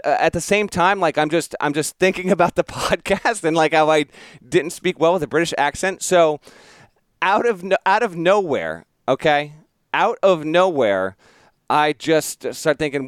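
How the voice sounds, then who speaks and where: Lively, self-mocking male podcast host. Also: a little high, clean tone, no echo. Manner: self-mocking, laughing at his own story. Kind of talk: casual storytelling chat.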